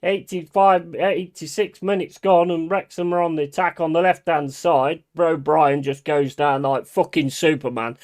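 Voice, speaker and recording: A man's voice: on the high side, steady tone, normal speed, hardly any pauses. A man streaming a football watch-along, swearing and ranting at the players and the referee. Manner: shouting in bursts of outrage. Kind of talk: live match watch-along commentary.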